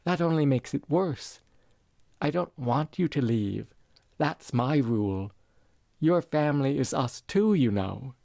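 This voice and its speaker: A man's voice: medium pitch, expressive, a little slow, vocal fry, dark tone, no echo, clean studio sound, pitched above the performer's own voice. A man voicing a grieving young woman who sounds resentful and pleading. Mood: upset.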